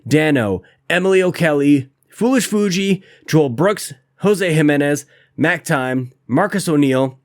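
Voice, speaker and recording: A man's voice: on the high side, expressive, measured pace. Upbeat sick man hosting a podcast. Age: adult, married. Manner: rambling, self-deprecating, upbeat. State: sick with a cough, short of breath. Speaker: podcast host. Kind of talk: casual podcast chat.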